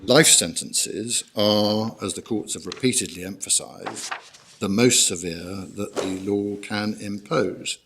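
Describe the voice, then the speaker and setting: Brief: male barrister, lowish voice, measured courtroom submissions, formal and orderly. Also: gravelly, a bit bright, slight background noise. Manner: measured, formal, guides the bench through documents. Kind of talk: courtroom legal argument. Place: court hearing room.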